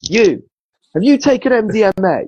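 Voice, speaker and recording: A man's voice: high-pitched, sing-song, normal speed, darkish tone, slightly rough, no echo, pitched above the performer's own voice, exaggerated voice. A man mimicking a cocky male rock star with a teasing, needling manner. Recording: dull dry lo-fi sound.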